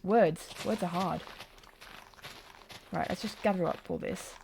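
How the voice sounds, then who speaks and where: A woman's voice: fairly low pitch, a little slow, vocal fry, darkish tone, a little hiss or hum. A woman streaming a game, chatting casually, giggling and poking fun at herself, speaking close to a desk mic. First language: bilingual. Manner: chatty, giggly, self-mocking. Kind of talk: casual live-stream chat.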